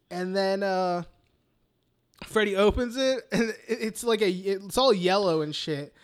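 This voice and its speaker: A tired man co-hosting a podcast, recapping a film in a rambling, swear-heavy way and acting out the characters in quick voices. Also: high voice, clean tone. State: tired, yawning. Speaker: podcast co-host. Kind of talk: casual film recap chat.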